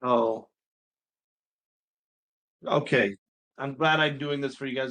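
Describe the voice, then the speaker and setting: An accounting instructor screen-records a casual homework walkthrough, thinking aloud and at times sounding mildly exasperated. His voice is on the high side and fairly bright, at a moderate pace with frequent pauses.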